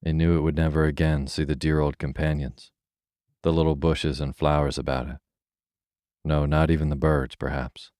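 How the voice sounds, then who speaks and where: Very deep, mellow male bedtime storyteller. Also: level tone, normal speed, no room sound, studio quality. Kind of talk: scripted bedtime story narration.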